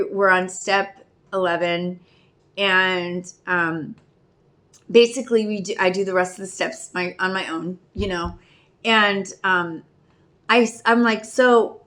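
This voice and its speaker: A woman's voice: medium pitch, pushed and bright. A woman in her fifties talking candidly in a personal vlog, rambling and questioning herself as she searches for words. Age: 50s. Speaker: video diarist in addiction recovery.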